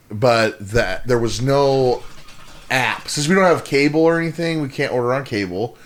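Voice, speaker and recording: A man's voice: mid-range voice, expressive, slow, fairly bright tone. A man co-hosting a podcast, telling a long exasperated story in casual, profane chat with lots of rambling restarts. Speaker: podcast co-host.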